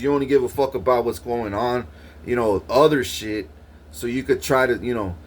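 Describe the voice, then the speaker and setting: In a meandering, foul-mouthed monologue, a man curses and threatens, his voice spiking higher in pitch when his temper rises.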